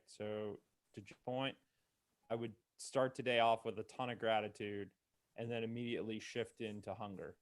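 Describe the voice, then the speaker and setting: A man co-hosting a motivational talk, measured and explanatory. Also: on the low side.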